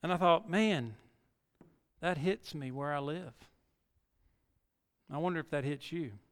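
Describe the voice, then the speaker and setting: A male pastor with a slightly high, unhurried voice preaches a sermon, reading scripture dramatically and building to emphatic peaks. The long reverb of a large hall surrounds him.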